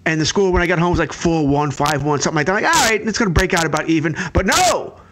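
A man's voice: a little high, quick pace, slight background noise. A man working as a sports betting analyst, telling a story casually with plenty of fillers. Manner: animated storytelling, frequent "uh" fillers.

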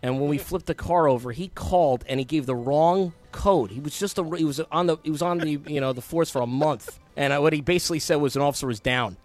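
A man hosting a sports talk radio show, telling stories with loud bursts of excitement. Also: fairly high pitch, fast talker, hardly any pauses, soft background music. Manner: animated storyteller, bursts into loud exclamations.

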